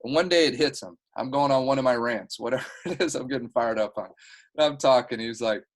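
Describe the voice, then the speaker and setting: A man's voice: mid-range voice, fast talker, poor audio. Man, earnest, heartfelt, rambling, motivational team talk, video call mic. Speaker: team leader.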